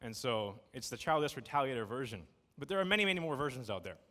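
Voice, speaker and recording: A man in his thirties giving a casual, jokey sermon to a congregation, telling stories in a lively, conversational way. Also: medium pitch, fast. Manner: conversational, jokey, animated storytelling. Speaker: preacher. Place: church sanctuary. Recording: long reverb of a church hall.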